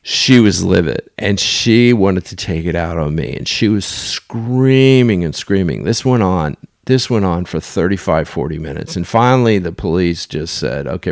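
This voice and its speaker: A deep-voiced man tells a story on his podcast in an offhand, rambling way. His voice has a gravelly fry to it, and the sound is dry and close. He wanders through asides and restarts, with the odd crude remark. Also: dry recording. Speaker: podcast host telling sailing stories. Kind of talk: casual storytelling.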